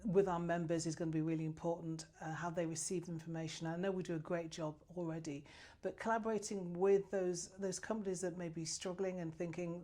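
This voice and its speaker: A woman's voice: lowish voice, fairly even intonation, fairly quick, warm tone. A woman answering interview questions as a new business chamber president, passionate and effusive, with frequent restarts.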